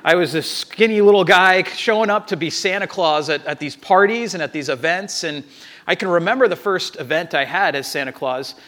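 A man giving a sermon, telling a personal story with animated acted-out dialogue and frequent restarts. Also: sits high, normal speed.

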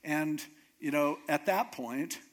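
Preacher, man with a slightly high voice, easygoing storyteller with a wry touch. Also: takes it slowly. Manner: casual, conversational retelling with humor. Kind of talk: sermon storytelling.

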